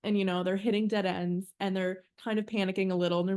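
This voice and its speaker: A young woman co-hosting a podcast in person, talking in an animated, emphatic way, swearing freely and filling her speech with "like" and "you know". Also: medium pitch, fast, smooth. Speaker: podcast co-host. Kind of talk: casual chat. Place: in person with co-host.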